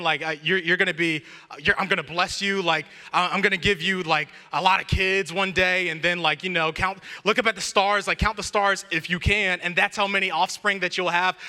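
Young male youth pastor; animated, slangy sermon storyteller; bright, forceful tone in a reverberant church hall. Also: high voice.

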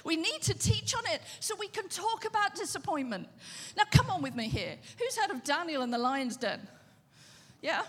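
A woman pastor preaching a sermon in a conversational, animated way, often asking the audience questions. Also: very high voice, moderate pace, big-room sound.

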